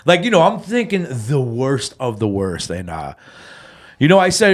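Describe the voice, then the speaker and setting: A man on a casual sobriety podcast, telling his story with lots of feeling and scattering bro and man through his talk. His voice sits at an ordinary middle pitch, swings widely as he gets worked up, and at times gets close to tears. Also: moderate pace. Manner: animated storyteller, heavy fillers like man and bro. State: tearful when reliving the moment. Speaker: podcast co-host. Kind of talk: casual chat, personal recovery story.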